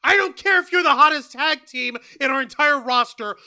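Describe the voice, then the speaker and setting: A man voicing an angry male wrestling company boss, yelling profane threats at his wrestlers. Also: extremely high pitch, expressive, normal speed, full character voice. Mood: furious.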